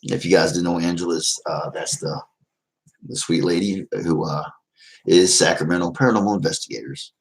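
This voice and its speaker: Deep-voiced man, casual streamer, rambling and sincere. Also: fairly even intonation, normal speed, rough recording. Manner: rambling and heartfelt, many fillers. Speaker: vlogger reading live chat. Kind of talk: casual livestream chat.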